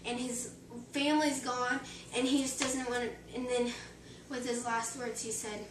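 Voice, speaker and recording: A high-voiced teenage girl rambles her way through a long joke, packing it with "like" as she acts out each line. She sounds far from the mic in an echoey room with loud background noise. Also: flat delivery, a little slow. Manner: chatty, filler-heavy storytelling. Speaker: joke teller. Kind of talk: rambling joke telling among friends.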